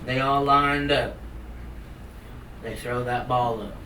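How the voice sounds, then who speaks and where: A man from the Cherokee Nation telling a traditional story to a live audience in a folksy, animated way with playful sound effects. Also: mid-range voice, slow, long pauses. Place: live salon event. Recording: roomy hall from far off. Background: audience laughter and room noise.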